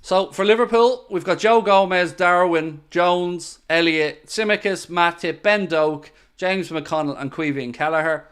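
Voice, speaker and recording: Bright-toned man hosting a football watchalong. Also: high voice, a little slow, hardly any pauses, clean tone. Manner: chatty, reads out viewer messages and gives tactical opinions. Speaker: football channel host. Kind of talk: casual live watchalong chat.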